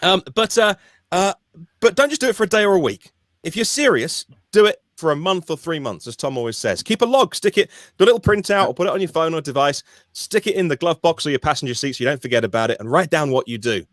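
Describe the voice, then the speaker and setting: Male podcast co-host, animated and emphatic, slightly high, dry studio sound. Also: quick pace, no room sound. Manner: animated, emphatic, restarts often. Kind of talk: casual podcast chat.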